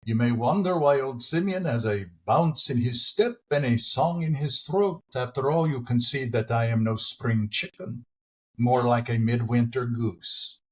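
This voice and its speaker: A man's voice: mid-range voice, unhurried, natural voice. A man playing old Simeon, a joking elderly biblical figure, in a theatrical sing-song Yiddish-style stage accent. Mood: jovial.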